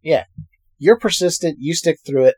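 A man's voice: fairly high pitch, moderate pace, darkish tone, breathy edge, dry recording. Laid-back swearing man, dry sound. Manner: laid-back, swears casually, laughs often. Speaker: podcast co-host. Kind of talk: casual chat.

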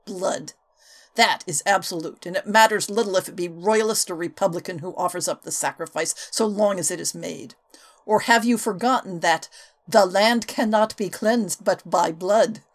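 A woman voicing a weary, nervous male informant who rasps his lines loudly in an audiobook. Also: on the low side, moderate pace, lightly acted. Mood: grim. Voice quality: raspy. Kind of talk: audiobook character voice.

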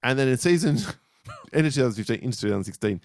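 A man's voice: medium pitch, lively intonation, racing, dry recording, studio quality. Wry man listing picks. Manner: wry, laughs often, swears casually. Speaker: podcast co-host. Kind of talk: casual chat.

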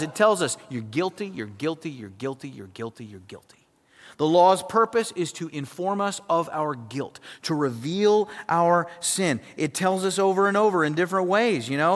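A man preaching a sermon as pastor, emphatic, swinging from loud to hushed and acting out quoted voices. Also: high-pitched, in a large hall.

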